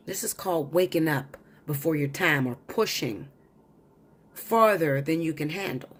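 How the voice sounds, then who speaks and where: Blunt low-voiced woman telling a story. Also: animated, unhurried, husky. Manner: blunt, profane and insistent. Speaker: tarot reader. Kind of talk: storytelling monologue.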